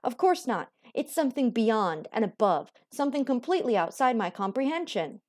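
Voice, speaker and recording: Woman reading calm earnest young man, lively pitch, mellow tone, faint music. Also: fairly quick.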